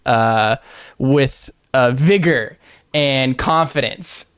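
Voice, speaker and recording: A man's voice: a little high, clear, resonant tone. A man playing a tabletop game, narrating his character in the third person with light chuckles. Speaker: player.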